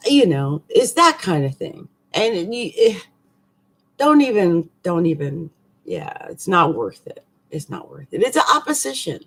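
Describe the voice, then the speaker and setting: A woman astrologer talking casually through a monthly forecast, chatty and animated, with slangy asides and frequent laughs. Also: on the low side, normal speed, few pauses, slightly rough.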